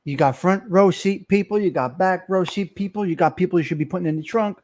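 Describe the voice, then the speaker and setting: Loud, fired-up man hosting a livestream. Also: high-pitched, a little fast, slight background noise. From Italian-American. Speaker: livestream host. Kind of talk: casual livestream chat.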